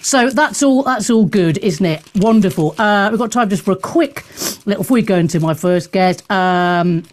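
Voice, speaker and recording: A woman hosting a talk show, chatting casually in an animated, sarcastic and theatrical way. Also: mid-range voice, normal speed. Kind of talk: casual opinionated chat.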